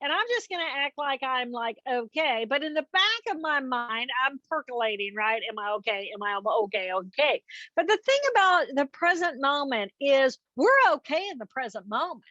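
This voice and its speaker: Woman interview guest, high and crisp, dull lo-fi call audio, teacherly and earnest. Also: very animated, normal speed, bright, forceful tone, no room sound. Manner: earnest, teaching with step-by-step examples. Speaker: guest expert, neuroanatomist. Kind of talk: explanatory interview talk.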